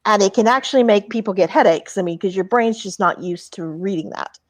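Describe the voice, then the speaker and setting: A woman's voice: medium pitch, brisk, no room sound. A woman from Texas with a mid-range voice, speaking as an author on a live panel. She explains her points with confidence. The recording is dry and close.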